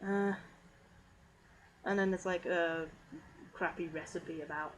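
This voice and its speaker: Woman streamer, slightly low voice, giggly and rambling, over clear background noise. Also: fairly even intonation, slow pace, poor audio. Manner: rambling, giggly, lots of fillers. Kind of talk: casual meme review commentary.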